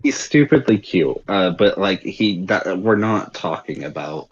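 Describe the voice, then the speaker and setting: A man's voice: deep voice, lively intonation, measured pace, husky, highs cut off. An American man chatting casually on a livestream, rambling with lots of "like" and restarts. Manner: rambling, heavy use of "like" and restarts.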